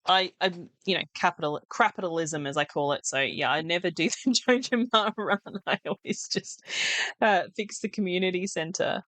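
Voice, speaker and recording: Woman doing cozy game commentary, chatty and wry, lowish voice, dry close sound. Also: moderate pace, a bit bright, dry recording. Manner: chatty, wry asides, laughs at herself. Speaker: let's play host. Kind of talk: casual gameplay commentary.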